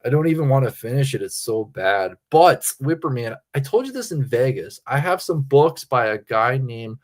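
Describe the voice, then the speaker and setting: Tipsy streamer, a man of middling pitch who wanders off topic and swears freely. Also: expressive, normal speed. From Pennsylvania. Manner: meandering, crude, self-interrupting. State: tipsy from drinking. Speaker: livestreamer. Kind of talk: rambling casual livestream chat.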